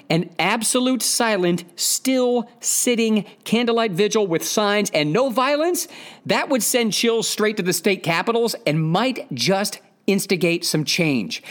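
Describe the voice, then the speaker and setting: A man's voice: high-pitched, a bit bright. A man hosting a podcast, delivering a blunt, profane, opinionated monologue with emphatic repetition of his points. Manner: emphatic, repeats key points. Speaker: podcast host.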